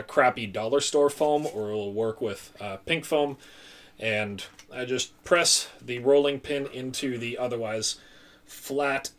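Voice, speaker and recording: A man's voice: mid-range voice, fairly bright tone. A man casually explaining a crafting technique in a hesitant, step-by-step way. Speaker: co-host demonstrating crafts. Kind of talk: casual demonstration chat.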